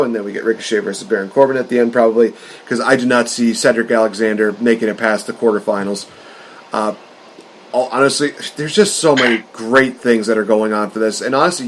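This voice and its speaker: A man co-hosting a podcast, talking in an excitable, rambling way and laughing often. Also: medium pitch, slight background noise. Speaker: podcast co-host. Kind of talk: casual wrestling chat.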